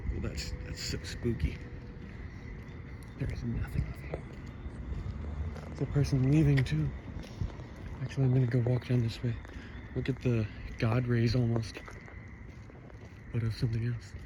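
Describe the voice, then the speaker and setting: A man walks through a foggy neighborhood at night, chatting to his handheld camera in a loose, rambling way. His voice sits at an ordinary pitch. Night sounds and passing cars leave a steady hiss of noise behind him. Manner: chatty, quietly spooked, rambling. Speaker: vlogger. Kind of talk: casual vlog narration. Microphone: handheld camera mic. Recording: noisy outdoor camera audio. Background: night sounds and distant cars.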